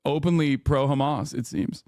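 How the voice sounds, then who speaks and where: A man's voice: medium pitch, fairly even intonation, moderate pace, darkish tone, no room sound, clean studio sound. A man in his thirties giving casual, profane and sarcastic commentary as a stream host.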